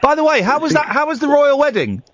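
A man's voice: very high-pitched, very animated, quick pace, fairly bright tone, slight background noise. A man hosting a late-night radio phone-in, teasing his callers with sardonic, dry remarks.

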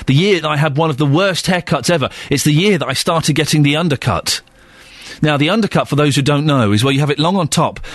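A man's voice: medium pitch, no room sound. A man hosting a phone-in radio show in a studio, talking in chatty, rambling, self-mocking rants. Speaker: radio host. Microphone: studio microphone.

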